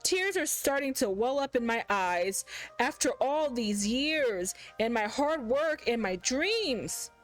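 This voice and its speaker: A woman's voice: fairly high pitch, expressive, slow, faint music behind, low-quality recording. A woman hosting a gaming channel, reading a visual novel aloud in the first person and chatting about it expressively.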